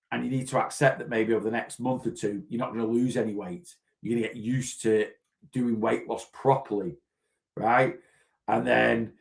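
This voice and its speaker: A man's voice: medium pitch, creaky. A man who coaches weight loss, chatting casually on a live Q&A and talking straight to the viewer, often checking in with "right?". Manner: animated, talks straight to the viewer, repeats himself, asks "right?". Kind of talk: casual live-stream advice chat.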